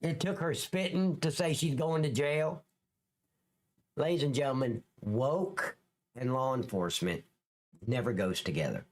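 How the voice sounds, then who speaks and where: A man's voice: medium pitch, measured pace. A man, a former police officer, giving blunt, profane commentary over clips in a casual livestream, dragging out words for emphasis.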